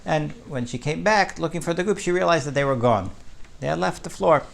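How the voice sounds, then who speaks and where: Gravelly-voiced man teaching a Torah class. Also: a little high, lively intonation, fairly quick, slight background noise. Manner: conversational, keeps asking "right?" to the listeners.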